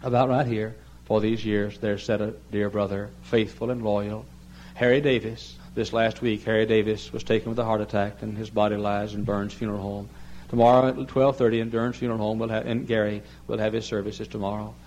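Older man as a pulpit preacher, a dramatic sermon that swings from hushed appeals to loud cries, at times away from the mic. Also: fairly low pitch, flat delivery, a little fast, slight background noise. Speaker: pastor. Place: large church sanctuary.

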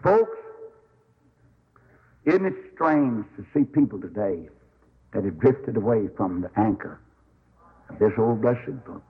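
A man preaching a sermon, telling stories in an animated, folksy way and acting out the quotes. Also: lowish voice, slow pace, long pauses, breathy edge, phone-quality sound.

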